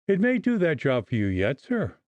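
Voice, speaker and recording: A bitter, contemptuous physician lashes out with emphatic scorn, as a man reading the book puts him on. His pitch leaps and dips with every jab, and the sound is dry and close, with no room around it. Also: sing-song, unhurried, dry recording, muffled recording. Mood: sneering. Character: irritable sneering male doctor, middle-aged.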